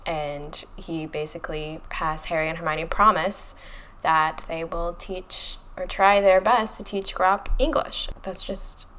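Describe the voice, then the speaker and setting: A woman co-hosting a podcast, ranting in an animated, sarcastic way about a book. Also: lowish voice, a little slow, a little hiss or hum. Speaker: podcast co-host. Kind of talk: casual book discussion.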